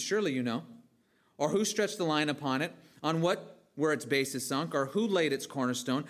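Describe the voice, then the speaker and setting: A man's voice: on the high side, a bit bright. A man preaching a sermon with emphasis, asking his listeners questions and answering them himself.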